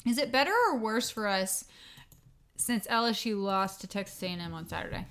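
Brisk female podcast co-host with a bright, slightly high voice; faint noise behind her. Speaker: podcast co-host reading listener questions. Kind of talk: casual sports podcast chat.

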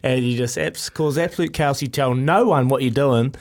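A New Zealand man co-hosting a breakfast radio show in a studio, telling relaxed childhood stories with fillers and laughs. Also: medium pitch, normal speed. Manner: laid-back storytelling with frequent laughs and fillers. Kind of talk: casual radio banter.

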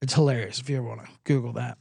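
A hoarse man hosting a comedic sports betting podcast, ranting in a sarcastic, profane way. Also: mid-range voice, steady tone, racing, a little mellow, no echo, studio quality. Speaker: host.

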